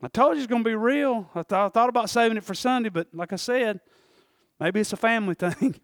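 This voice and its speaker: A male pastor preaching a sermon, moving from quiet scripture reading to shouted, fervent passages. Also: fast talker, dry recording, studio quality. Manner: swings from low reading to shouting fervor.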